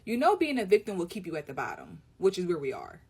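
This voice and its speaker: Woman, lowish voice, scolding and preachy commentary. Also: wildly swooping pitch, fast, vocal fry, darkish tone, slightly rough. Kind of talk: commentary to camera.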